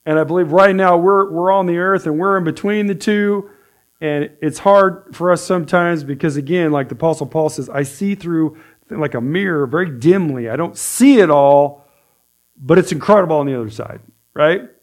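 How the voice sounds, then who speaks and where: A man's voice: a little high, moderate pace. Casual, chatty preacher man. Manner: conversational, with frequent "right?" and restarts; reads scripture aloud, then paraphrases. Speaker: pastor. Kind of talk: casual sermon teaching.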